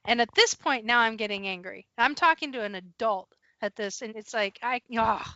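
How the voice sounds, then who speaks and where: Bright, animated woman podcast host. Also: fairly high pitch, moderate pace, dry recording. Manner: animated, laughs often, acts out quotes. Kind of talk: casual storytelling chat. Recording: dull, dry, slightly lo-fi podcast audio.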